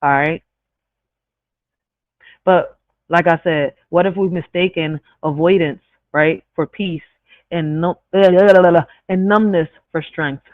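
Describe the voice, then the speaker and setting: An accented woman hosts her channel in a fairly low, steady voice, taking it slowly with long pauses. She talks casually to viewers, swearing freely and stumbling over words and correcting them, in a tinny, phone-like recording that is dry with no echo.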